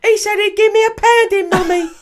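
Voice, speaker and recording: Shrill little kid telling on someone, a man hamming it up, loud and high. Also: fairly even intonation, a little fast. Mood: indignant. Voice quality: shrill, strained child voice. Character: young boy complaining to his mum.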